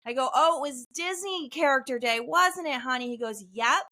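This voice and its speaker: Bright, animated woman podcast co-host. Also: high voice, normal speed. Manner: animated storytelling, acts out quotes. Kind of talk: casual chat.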